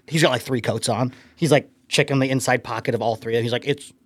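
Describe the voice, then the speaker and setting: A man's voice: medium pitch, fairly even intonation, normal speed. A man co-hosting a podcast, chatting casually and telling anecdotes with acted-out quotes. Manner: chatty storyteller, acts out quoted voices. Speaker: podcast producer co-host. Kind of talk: casual chat.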